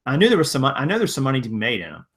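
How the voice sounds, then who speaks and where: A man's voice: medium pitch, huge pitch swings, racing, fairly bright tone. A man from Virginia hosting a casual live stream, answering viewer comments in a rambling, conversational way full of restarts. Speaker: live-stream host and reseller.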